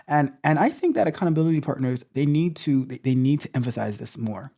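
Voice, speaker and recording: Tech coach guy, blunt and repetitive, dark mellow voice, stumbles over restarts. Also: medium pitch, lively intonation, fairly quick, few pauses. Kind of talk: motivational talk to stream viewers.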